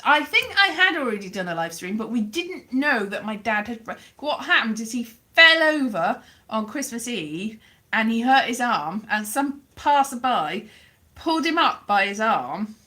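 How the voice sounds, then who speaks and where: A woman with a slightly high, bright, forceful voice talks loosely and wryly, drifting from topic to topic. She sounds like she is speaking into a phone held at arm's length during a casual live stream. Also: big pitch swings, a little slow. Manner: rambling, wry, self-deprecating. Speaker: vlogger.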